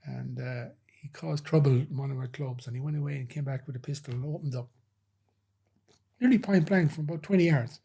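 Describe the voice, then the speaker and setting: Husky man telling stories. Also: medium pitch, fairly quick, mellow. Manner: rambling anecdotal telling, frequent "you know". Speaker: former nightclub head doorman, guest. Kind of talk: casual interview storytelling.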